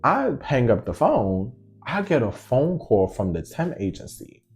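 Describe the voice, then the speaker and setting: A man spinning a story in a lively, sing-song voice that climbs and dips all over. He takes his time with every line and talks in slang. He voices each person in the story himself, with faint music underneath. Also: mid-range voice, measured pace. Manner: animated, slangy, acts out every side of the conversation. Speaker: vlogger telling a storytime. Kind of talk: casual storytelling.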